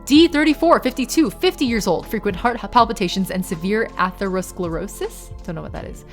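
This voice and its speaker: A young woman streamer reads documents aloud flatly and chats with her viewers, turning tearful and giggly. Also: medium pitch, fairly quick, faint music behind. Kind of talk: live-stream reading and chat.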